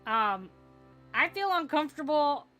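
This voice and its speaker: A woman's voice: high voice, big pitch swings, a little slow, sharp tone. A woman playing a story game and chatting casually in awkward, chatty asides, with game music playing behind her. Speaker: game streamer. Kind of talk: let's play commentary.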